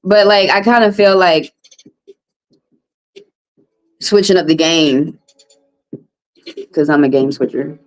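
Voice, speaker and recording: A woman's voice: takes it slowly, long pauses, faint music behind, rough recording. A woman, a tarot reader hosting a live stream, venting bluntly and with plenty of swearing to her viewers. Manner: blunt and profane, vents with rising pitch.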